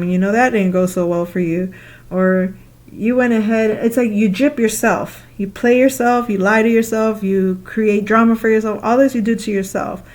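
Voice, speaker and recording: Woman, casual spiritual monologue, mid-pitched, animated, acts out her own inner voice, chatty and rambling. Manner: animated, acts out her own past thoughts with laughing asides; repetitive listing, loose conversational phrasing. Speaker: spiritual speaker.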